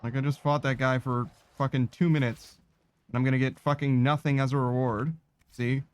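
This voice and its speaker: Dude doing lets play commentary, sarcastic, swears a ton, rambly, dry close sound. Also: male voice, medium pitch, level tone, moderate pace, smooth, dry recording. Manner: sardonic, profane, rambling. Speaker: gaming streamer.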